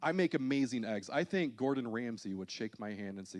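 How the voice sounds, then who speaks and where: Animated and fairly quick, with few pauses, this thirtysomething male pastor has a mid-range, darkish voice. Preaching to a church congregation in an auditorium, he spins self-mocking, funny stories.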